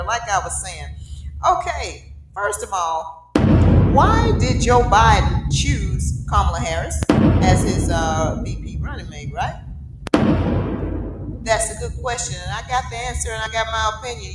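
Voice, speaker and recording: A woman's voice: medium pitch, lively intonation, normal speed. A middle-aged woman with a Southern US accent giving emphatic, opinionated political commentary, driving her points home with rhetorical questions. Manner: emphatic, punctuates points with rhetorical "okay?" and "right?". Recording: echoey room with loud background music.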